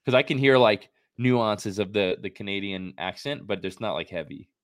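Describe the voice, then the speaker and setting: A man's voice: on the low side, moderate pace, no echo, clean studio sound. A young man hosting a podcast interview, chatty and loose, laughing often and full of fillers. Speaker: podcast host. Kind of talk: casual interview chat.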